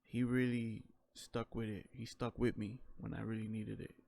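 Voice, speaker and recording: Candid man with a gravelly voice. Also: on the low side, little pitch movement, moderate pace, warm tone. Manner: candid, reflective, loose with fillers like "you know, man". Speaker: vlogger telling his own story. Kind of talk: personal storytelling, casual.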